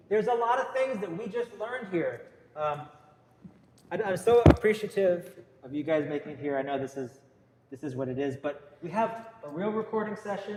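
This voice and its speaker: A man's voice: high voice, darkish tone. Man teaching guitar in an echoey room. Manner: coaching, counts and calls out note letters. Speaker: music teacher. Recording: echoey room, faint noise.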